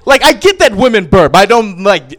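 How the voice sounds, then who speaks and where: Young male stand-up, profane and brash, high voice, lively swings. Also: normal speed. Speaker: stand-up comedian. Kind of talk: stand-up comedy set.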